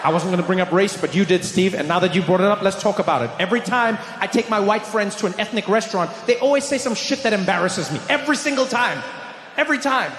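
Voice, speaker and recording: A man telling a stand-up comedy story, animated and shouting his punchlines. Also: high voice, quick pace, a little hiss or hum. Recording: echoey hall, loud audience ambience.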